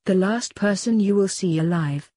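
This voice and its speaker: A stern, no-nonsense father and secret agent, read by a woman in her own voice. The voice is husky and dark-toned, close and dry, delivered in a plain, matter-of-fact storybook way. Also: mid-range voice, moderate pace, no room sound, natural voice.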